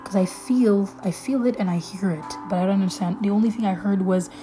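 A woman telling a scary personal story in a casual, halting way, with many fillers and restarts. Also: mid-range voice. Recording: faint music underneath.

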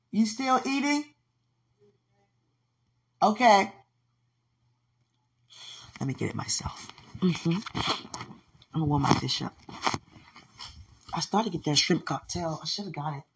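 A woman's voice: sits low, vocal fry, breathy edge. A woman hosting a podcast in casual livestream chat, effusive and affectionate and laughing often. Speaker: podcast host.

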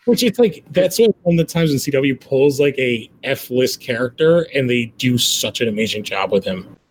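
A man's voice: mid-range voice, lively intonation, moderate pace, slight background noise, poor audio. A man co-hosting a casual podcast, speaking emphatically, swearing and mimicking lines of dialogue. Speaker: podcast co-host. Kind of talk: casual chat.

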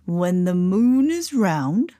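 A woman voicing a slow, mysterious magic lizard in a read-aloud storybook. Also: on the low side, sing-song, warm tone, dry recording, clean studio sound. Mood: solemn.

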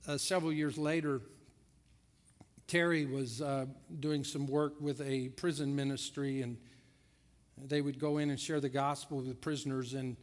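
Pastor telling a story in a hall. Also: male voice, mid-range voice, flat delivery, normal speed. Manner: conversational storytelling. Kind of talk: sermon. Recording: long reverb of a large hall.

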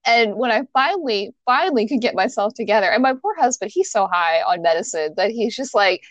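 A woman's voice: on the high side, animated, a little fast, no room sound. A young adult woman co-hosting a podcast, telling a story in casual chat with lots of fillers and the odd swear word. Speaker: podcast co-host.

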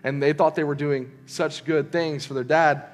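A man's voice: fairly high pitch, steady tone, normal speed, faint music behind. A young man, preaching a casual sermon as he tells a story, with lots of fillers and restarts. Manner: conversational, lots of fillers and restarts, voices characters in quotes. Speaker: youth preacher.

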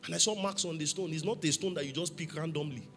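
A man's voice: fairly high pitch, quick pace, a bit bright, soft background music. A man preaching a sermon in church, emphatic, asking the congregation questions for them to answer. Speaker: pastor.

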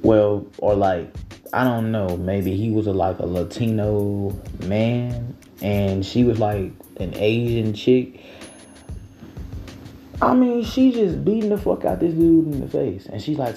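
A man's voice: lowish voice, a little slow, dark tone, faint music behind, rough recording. A young man in his twenties hosting a casual late-night livestream, talking in rambling, profane slang with many restarts. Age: 20s. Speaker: livestream host.

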